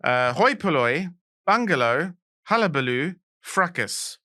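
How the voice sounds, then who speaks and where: A man's voice: fairly high pitch, very animated, unhurried, sharp tone, dry recording, clean studio sound. A South African man co-hosting a trivia podcast, posing questions and explaining answers in a playful manner. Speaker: podcast co-host, quizmaster. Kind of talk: casual trivia chat.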